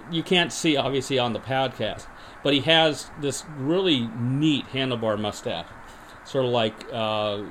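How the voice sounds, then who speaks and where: A man hosting a podcast, deadpan and rambling with many restarts, in an improvised comedy monologue and mock interview. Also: medium pitch, slight background noise. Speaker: podcast host.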